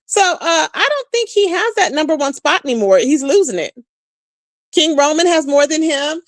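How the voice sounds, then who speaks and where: A woman hosting a casual livestream, gossiping with viewers in an animated, chatty way and calling them "child" and "boo". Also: sits high, normal speed, dry recording, studio quality. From Texas.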